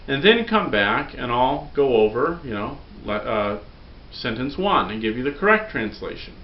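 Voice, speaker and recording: A patient male teacher talks students through a recorded lesson and drills forms aloud for them to repeat. His voice sits at an ordinary middle pitch. The room echoes, and the recording is dull and lo-fi with a faint rumble underneath. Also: big pitch swings, normal speed. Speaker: Greek teacher.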